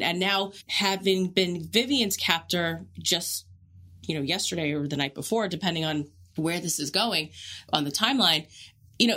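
A woman's voice: fairly low pitch, pushed and bright. A woman co-hosting a podcast, analysing in long connected thoughts in a casual way. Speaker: podcast co-host. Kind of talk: casual chat.

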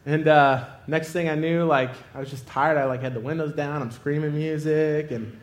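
High-voiced young male preacher. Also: moderate pace, reverberant. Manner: animated, laughing storytelling. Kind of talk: sermon with comic personal story.

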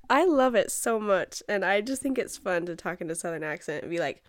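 A woman's voice: medium pitch, animated, a little fast, hardly any pauses, dry recording, clean studio sound. A woman hosting her own show, talking casually in a chatty, exasperated way and often laughing. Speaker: podcast host. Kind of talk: casual solo chat.

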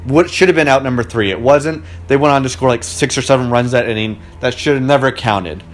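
A man's voice: mid-range voice, fairly quick. Indignant chatty man. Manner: chatty, indignant, frequent "like" fillers. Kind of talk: casual storytelling monologue. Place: living room at home.

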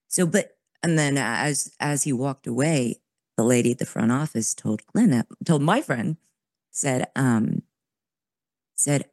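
A woman in her forties, a podcast guest, telling a personal story in an animated way, with many restarts and quoted asides. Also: rumbling low, unhurried, no echo. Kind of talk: conversational interview storytelling.

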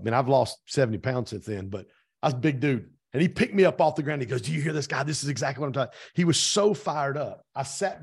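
A man's voice: medium pitch, creaky, slightly rough. A man being interviewed on a podcast, energetically recounting events and acting out quoted dialogue as he goes. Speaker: podcast guest, real estate team owner. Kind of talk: animated storytelling in conversation.

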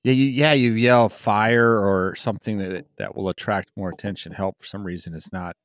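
A man's voice: lowish voice, moderate pace, dry recording, studio quality. A man co-hosting a casual podcast chat, joking and laughing often. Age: adult parent. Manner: jokey, laughs often, animated. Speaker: podcast co-host.

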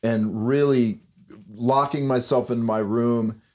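A man's voice: mid-range voice, fairly even intonation, slow, a little mellow. A man hosting a casual podcast, rambling and self-deprecating, laughing at his own jokes. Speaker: podcast host, musician. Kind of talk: casual chat.

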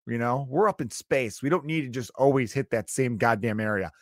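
A man's voice: medium pitch, fairly quick, no room sound, clean studio sound. A man in his thirties hosting a comedy podcast, riffing in a profane, joking monologue. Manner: profane, riffing, mock impressions.

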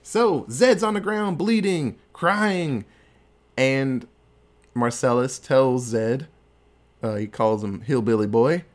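A man's voice: medium pitch, takes it slowly. A man casually retelling a film scene by scene, loose and joking as he goes. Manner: animated, loose storytelling with crude jokes. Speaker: podcast host. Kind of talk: casual movie recap.

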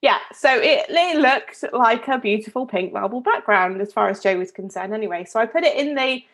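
A woman's voice: on the high side, animated, brisk, a bit bright. Chatty woman telling a story. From Devon, England. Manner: chatty storyteller with many fillers and restarts. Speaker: podcast co-host. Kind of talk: casual chat.

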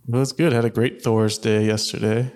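A man co-hosting a film podcast, relaxed and joking in casual chat. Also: on the low side, normal speed. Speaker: podcast co-host.

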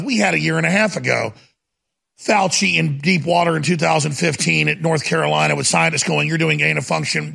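A man's voice: a little high, creaky, sharp tone, husky. A man hosting a talk show, interviewing a guest in an indignant, rambling way and cutting in often. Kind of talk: heated interview.

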